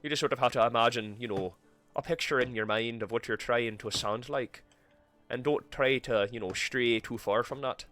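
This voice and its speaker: A man's voice: medium pitch, moderate pace, fairly bright tone, soft background music. A man live-streaming a game, chatting casually with himself and swearing freely as he plays. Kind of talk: casual gameplay commentary.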